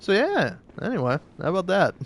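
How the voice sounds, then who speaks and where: A man's voice: sits high, wildly swooping pitch, fairly quick. Rambling, sarcastic young man gaming. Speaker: gaming channel host. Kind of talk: casual gameplay commentary.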